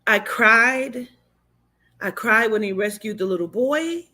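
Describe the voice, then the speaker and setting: A woman shares her reaction to a movie in a relaxed, unscripted vlog. She speaks with raw emotion and plain candor. Her talk is full of fillers and the occasional swear word. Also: fairly high pitch, slow. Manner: emotional, candid, swears freely, many fillers. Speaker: vlogger and spiritual reader. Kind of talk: casual movie recap chat.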